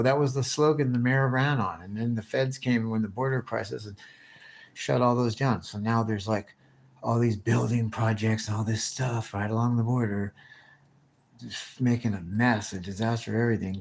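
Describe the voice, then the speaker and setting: A man's voice: fairly low pitch, fairly even intonation, moderate pace, creaky. A man live streaming, chatting casually with his viewers and answering their comments in a rambling, slang-heavy, profane way with many restarts.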